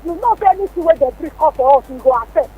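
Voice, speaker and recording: A woman's voice: sits high, lively intonation, fast talker, a little hiss or hum. A woman speaking with a Nigerian Pidgin accent, calling in to a radio show, impassioned and pleading. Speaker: caller. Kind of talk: phone-in complaint. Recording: tinny phone line.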